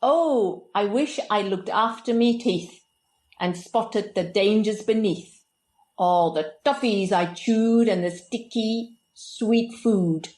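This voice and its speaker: A woman's voice: mid-range voice, slow pace, a little mellow, echoey room, close to an everyday voice. A woman reciting a comic poem as a rueful older person from the West Country, putting on an attempted West Country accent with a sing-song rhyming delivery.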